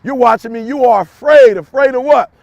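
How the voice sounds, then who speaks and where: A man giving an emphatic, repetitive motivational talk straight to the listener, breaking into shouts and folksy asides. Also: very high-pitched, brisk, no room sound, dull audio. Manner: folksy, addresses listener directly. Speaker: motivational speaker.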